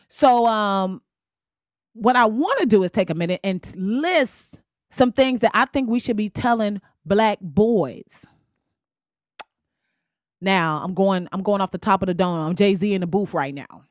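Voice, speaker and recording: A woman's voice: medium pitch, expressive, measured pace, dry recording, clean studio sound. A young adult woman talking bluntly and candidly in a casual vlog, profane and laughing often. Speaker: vlogger.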